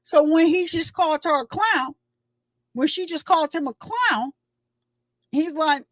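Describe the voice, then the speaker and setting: A woman's voice: sits high, lively intonation, a little slow, long pauses, no room sound. A woman hosting her own channel, giving casual, emphatic commentary and retelling what people said. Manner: chatty, emphatic, retells quotes.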